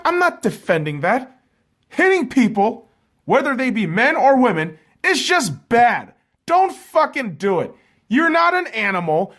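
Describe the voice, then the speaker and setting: A man hosting a sports podcast, ranting about football and basketball with constant swearing, heated and emphatic. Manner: heated, swearing constantly, drops low and flat reading scores. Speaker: podcast host. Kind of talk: profane sports rant.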